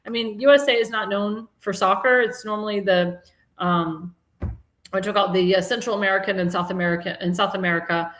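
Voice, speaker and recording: A woman's voice: medium pitch, fairly even intonation, brisk, a bit bright. A woman hosting a live-stream talk show, chatting in a rambling, casual way and laughing at her own jokes. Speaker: host. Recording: echoey room.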